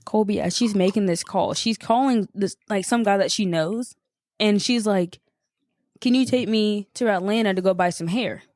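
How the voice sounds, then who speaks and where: A woman's voice: medium pitch, moderate pace, a little mellow, dry recording, clean studio sound. A young woman, a podcast co-host, telling a story in casual chat, swearing and acting out the people she quotes.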